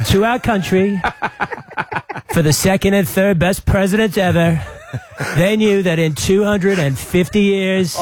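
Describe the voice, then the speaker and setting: An Australian man doing a comic impression of a boastful American president, with a put-on American accent and a slow, grandiose delivery. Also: sits high, voice pushed up.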